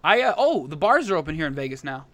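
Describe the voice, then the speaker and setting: A man co-hosting a casual podcast, swearing freely and telling animated stories. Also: on the high side, fast, no room sound. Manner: profane, animated storytelling. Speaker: podcast co-host. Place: Las Vegas.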